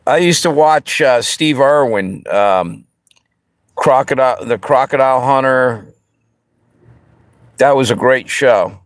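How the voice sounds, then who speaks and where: A man's voice: mid-range voice, slow, pauses often, no room sound, clean studio sound. Easygoing man chatting on a live stream. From Pennsylvania and Delaware area. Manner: easygoing, rambling, talks straight to the chat. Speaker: livestream host. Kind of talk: casual live-stream chat answering viewers.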